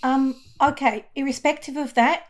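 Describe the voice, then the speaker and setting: A woman's voice: high-pitched, steady tone, normal speed. A woman playing her character in a tabletop role-playing game, a little hesitant with stammered starts. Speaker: player.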